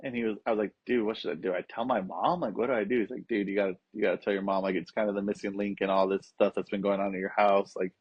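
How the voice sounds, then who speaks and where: A man's voice: fairly low pitch, fairly even intonation, fast talker, hardly any pauses, husky, no room sound. A young adult man, a podcast guest, telling a personal story in casual, profane talk and acting out the voices of the people in it. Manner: swears freely, acts out quoted voices. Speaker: podcast guest, skateboarding coach. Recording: dull, lo-fi sound.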